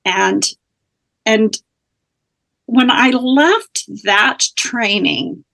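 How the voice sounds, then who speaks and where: A woman's voice: a little high, drawn-out words, gravelly, bright, forceful tone. A woman guest, a spiritual teacher, earnestly telling a personal story in conversation, with small restarts.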